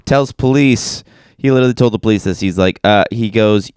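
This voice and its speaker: A man's voice: fairly low pitch, darkish tone, smooth, no room sound, clean studio sound. A man co-hosting a podcast in crude, teasing casual comedic chat. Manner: crude, teasing, quick to laugh. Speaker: podcast co-host.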